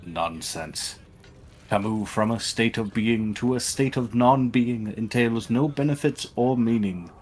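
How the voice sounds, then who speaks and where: A man reading game dialogue aloud as an excitable old male tech-priest scientist, lecturing grandly. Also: mid-range voice, measured pace, natural voice.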